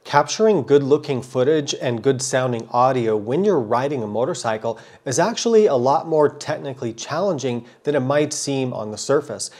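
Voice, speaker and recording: A man's voice: mid-range voice, expressive, moderate pace, hardly any pauses, darkish tone. Man with a cold explaining camera gear. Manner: friendly, thorough, repeats words for stress. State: has a cold. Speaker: motorcycle vlogger. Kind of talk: casual explanatory vlog talk.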